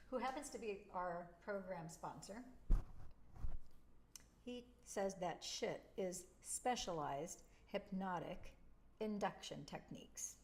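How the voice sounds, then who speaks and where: A woman talks straight to the camera in a casual, heartfelt way, swinging between tender encouragement and blunt, salty asides. Her voice sits in a middle register, and she leans in with animated emphasis on her favorite points. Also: medium pitch, measured pace. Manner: emotional, chatty, blunt and animated. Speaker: spiritual video host. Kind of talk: casual spiritual talk to camera.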